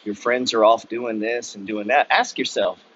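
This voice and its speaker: A man's voice: medium pitch, fairly even intonation, moderate pace, a bit bright, dull audio, a little hiss or hum. A man ranting bluntly and profanely while walking city streets, preaching a motivational walk-and-talk monologue. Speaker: vlogger. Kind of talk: walking-and-talking motivational rant.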